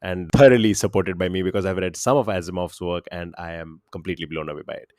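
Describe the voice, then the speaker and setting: A man's voice: sits low, steady tone, fast talker, darkish tone, dry recording, studio quality. A man co-hosting a quiz podcast, chatting casually and laughing often.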